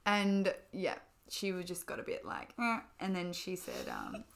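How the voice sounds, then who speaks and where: A woman's voice: on the low side, huge pitch swings, unhurried, vocal fry, a bit bright. Chatty young woman telling a story. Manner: chatty storytelling, lots of fillers. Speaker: podcast co-host. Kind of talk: casual chat.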